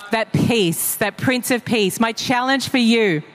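A woman's voice: fairly high pitch, measured pace, faint music behind. A woman preaching a sermon, telling personal stories in a conversational way with frequent fillers. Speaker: pastor. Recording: long reverb of a large hall.

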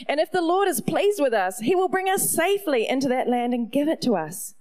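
A middle-aged woman with a New Zealand accent, preaching a sermon in an animated storytelling way with playful asides. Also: sits high, a little fast. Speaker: pastor.

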